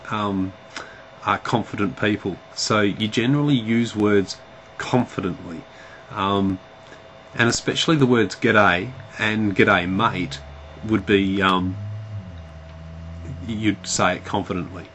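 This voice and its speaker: A man's voice: lowish voice, unhurried, long pauses, a bit bright, a little hiss or hum, rough recording. A man with an Australian accent chatting casually to camera in a vlog, hesitant and full of ums and restarts. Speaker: vlogger.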